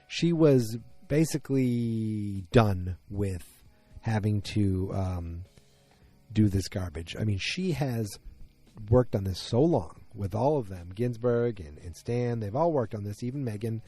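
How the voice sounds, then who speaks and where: A man with a fairly low, mellow voice rambles through an offhand recap of a TV episode. He is from Massachusetts, drops into quick put-on voices for the characters' lines, and has faint music playing behind him. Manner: rambling, acts out quotes in little voices. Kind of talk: casual recap monologue.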